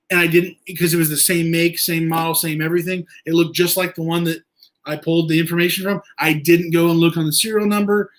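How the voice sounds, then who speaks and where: A man hosting a casual livestream, answering viewer questions in a rambling, halting way with many fillers. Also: fairly high pitch. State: eye irritated from injury. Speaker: livestream host.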